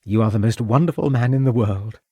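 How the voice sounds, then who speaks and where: An eager young wife, pleading and bubbling with excitement, as a male reader puts her on. Her lifted voice swings widely, recorded close and dry for an audiobook. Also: mid-range voice, moderate pace, no echo, lightly acted. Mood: adoring. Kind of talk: audiobook character voice.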